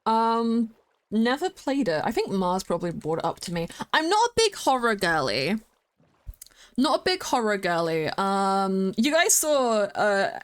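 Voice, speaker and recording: A young woman chatting casually on a livestream. Her talk rambles with fillers and self-corrections, and she breaks into excited squeals when greeting viewers. Her voice sits at an ordinary middle pitch. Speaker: streamer. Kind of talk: casual chat with stream viewers.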